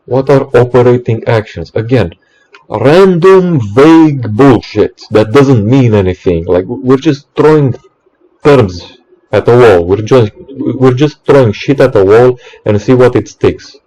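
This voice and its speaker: A man's voice: mid-range voice, measured pace, mellow, low-quality recording. A man, an electrician, in an exasperated ranting monologue, swearing often and stumbling over restarts.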